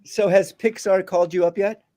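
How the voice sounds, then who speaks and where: A man's voice: high-pitched, steady tone, normal speed, mellow. A man hosting a live film festival stream, chatting with a filmmaker in a friendly, filler-heavy way.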